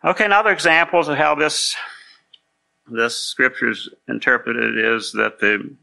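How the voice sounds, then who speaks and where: A male pastor with a heavily gravelly, rough voice that carries a tense, sharp edge. He explains his points in a patient, conversational way. He pauses now and then to make sure the congregation is following. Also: medium pitch. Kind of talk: conversational sermon.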